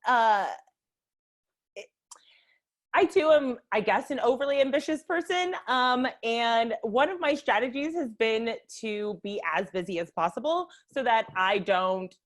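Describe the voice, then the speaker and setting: A woman co-hosting a casual live podcast, with a Boston accent, talking in an animated way with frequent laughs and lots of "like" fillers. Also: fairly high pitch, measured pace. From United States. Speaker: podcast co-host.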